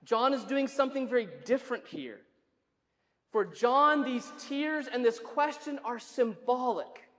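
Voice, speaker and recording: Pastor preaching in a reverberant church. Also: male voice, very high voice, animated, a little slow, a bit bright. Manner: conversational, asks the congregation questions, wry asides. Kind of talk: sermon. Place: church sanctuary.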